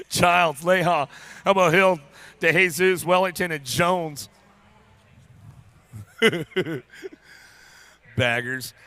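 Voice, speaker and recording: This race announcer's voice is high and bright with a forceful edge as he provides live commentary from a BMX track. He fires off rider names quickly and playfully while trading jokes with the riders and crew.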